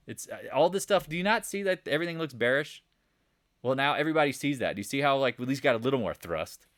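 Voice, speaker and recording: A man giving a casual, joking stock market recap over charts, animated and rambling, with sound effects. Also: mid-range voice, quick pace, no echo, clean studio sound. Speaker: market commentator.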